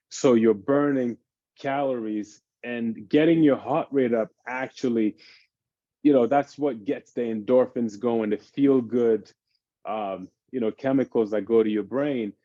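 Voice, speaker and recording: A man, a fitness expert on a parenting panel, explaining exercise routines in an animated, casual way. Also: medium pitch, no room sound, dull audio. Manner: animated, explains by acting out his kids' games.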